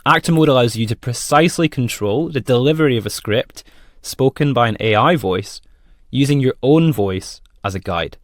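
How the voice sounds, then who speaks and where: A man presenting a software demo in a friendly, plain explanatory tone. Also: medium pitch, lively intonation, normal speed, no echo, studio quality. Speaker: product presenter.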